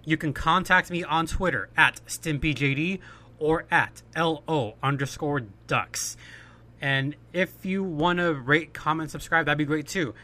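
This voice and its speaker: A man's voice: fairly high pitch, unhurried, bright, forceful tone. A man hosting a solo podcast, speaking in an impassioned, ranting way and repeating "I mean" often. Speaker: podcast host.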